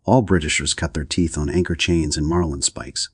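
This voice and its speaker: A man's voice: very deep voice, fairly even intonation, normal speed, slightly rough, no room sound, clean studio sound, heavily acted. A man reading an audiobook, voicing an arch, witty woman. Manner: arch and chanting.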